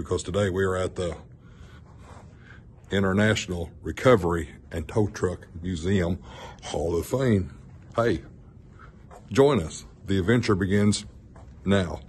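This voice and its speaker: A man's voice: deep voice, darkish tone, a little hiss or hum. A man in his fifties giving a playful, joking walkthrough of a museum as a vlogger, talking casually as he goes. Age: 50s. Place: indoor museum hall.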